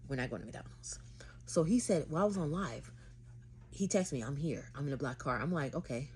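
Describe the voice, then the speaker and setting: A woman from Haiti with a low voice tells a storytime vlog straight to camera. She talks casually, full of slang, and plays up the drama of each moment. A faint hiss of noise sits under the voice. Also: lively intonation, a little fast, warm tone. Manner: dramatic, chatty retelling with slang. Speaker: vlogger.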